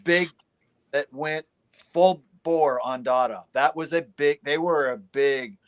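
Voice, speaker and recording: A man musician chatting casually, halting with restarts as he remembers. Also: fairly high pitch, smooth, lo-fi sound. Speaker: guest, musician. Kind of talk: casual chat.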